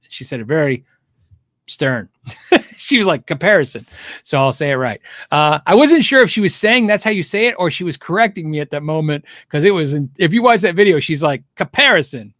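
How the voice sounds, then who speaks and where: A man's voice: a little high, fairly bright tone, dry recording, clean studio sound. A middle-aged man hosting a casual livestream Q&A, rambling and thinking aloud with frequent restarts and chuckles. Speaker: guitar show host answering viewer questions.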